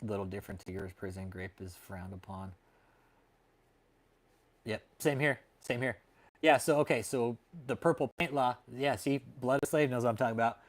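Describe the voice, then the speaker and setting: A man's voice: medium pitch, moderate pace. A man from Texas, hosting a livestream and chatting casually with viewers, swearing a lot, calling everyone dude and man, and often laughing at his own jokes. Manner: profane and laid-back, calls people dude and man. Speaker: livestream host.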